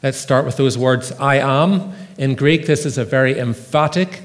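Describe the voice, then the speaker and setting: A man preaching a sermon in an earnest, measured way, with emphatic readings from Scripture. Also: mid-range voice, steady tone. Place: church. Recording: long reverb of a church hall.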